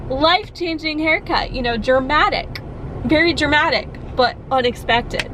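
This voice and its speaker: A woman's voice: high-pitched, normal speed, background noise. A young woman vlogging to camera, rambling with lots of "like" and close to tears. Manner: rambling, emotional, frequent "like" fillers. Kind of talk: casual vlog talk to camera.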